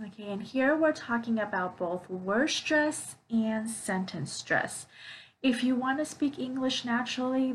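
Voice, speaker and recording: A woman teaching an online English lesson, explaining clearly with examples, with frequent fillers like "okay, so". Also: on the high side, a little hiss or hum, low-quality recording.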